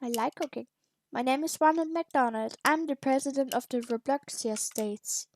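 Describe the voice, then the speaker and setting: A woman's voice: high-pitched, moderate pace. A woman reading a bossy, hot-tempered game president. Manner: reads game dialogue aloud. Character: bossy male game president, easily angered.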